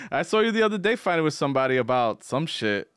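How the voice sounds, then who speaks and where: A man's voice: on the high side, fairly bright tone, clean tone. Laid-back male podcast host. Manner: laid-back, laughs often, filler-heavy. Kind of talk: casual chat.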